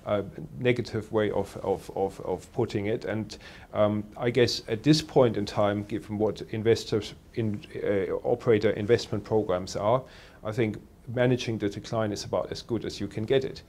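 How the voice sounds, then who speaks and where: Hesitant analyst man, low voice. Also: fairly even intonation, a little mellow. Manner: measured, hesitant, many fillers. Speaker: telecoms analyst. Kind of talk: interview answers.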